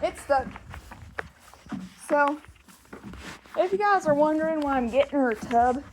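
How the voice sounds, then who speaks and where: A woman's voice: high voice, lively intonation, unhurried, a little hiss or hum. A young woman chatting casually outdoors on a ranch while doing chores, rambling and joking about herself into a handheld phone. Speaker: ranch vlogger.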